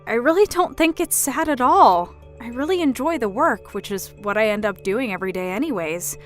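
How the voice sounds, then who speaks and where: A woman's voice: a little high, expressive, moderate pace, faint music behind, close to an everyday voice. A woman voicing a young career woman who answers her mother politely but firmly. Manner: polite but firm, standing her ground.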